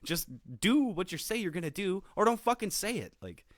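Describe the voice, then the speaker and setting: A man's voice: high-pitched, animated, brisk, dry recording, clean studio sound. A man co-hosting a podcast in casual chat, rambling and swearing, with lots of fillers. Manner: rambling, profane, full of fillers. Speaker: podcast co-host.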